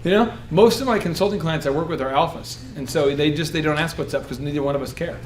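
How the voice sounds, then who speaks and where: A man coaching a room of business owners, animated and joking, often acting out the voices of people he describes. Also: a little high, fast. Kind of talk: coaching workshop talk.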